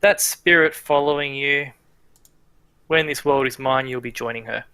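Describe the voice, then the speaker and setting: A man voicing a scheming ancient male villain god who speaks slowly, grandly and with menace. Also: medium pitch, bright, forceful tone, clean tone, natural voice. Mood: menacing.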